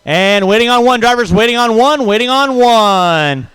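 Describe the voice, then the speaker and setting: A man with a very high, smooth voice announces a hobby race. He is brisk and jokey, reeling off driver names in quick runs, and the sound is close and dry. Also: animated, fairly bright tone, dry recording, rough recording. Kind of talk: live race commentary.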